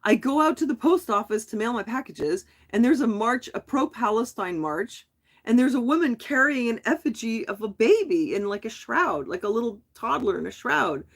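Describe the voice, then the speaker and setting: A woman vlogger talking casually on a live stream, telling a story in a rambling, animated way with frequent restarts. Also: a little high, moderate pace. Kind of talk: casual chat.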